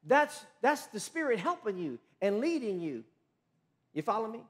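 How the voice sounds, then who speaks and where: A male pastor delivers a sermon in a sing-song voice at a moderate pace. He swings between loud, emphatic phrases and low, quiet ones, and he often restarts partway through a phrase.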